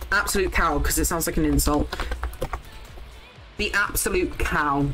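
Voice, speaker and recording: A young woman streaming a farming game, chatting casually to viewers, excitable and swearing freely. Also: deep voice, unhurried, pauses often, over music, rough recording. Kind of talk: casual live game commentary.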